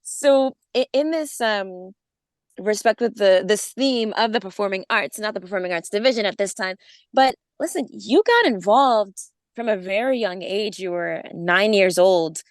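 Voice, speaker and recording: A woman's voice: mid-range voice, expressive, moderate pace, no room sound, studio quality. A woman hosting a podcast interview, asking long, meandering questions and laughing along with her guest. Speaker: podcast host.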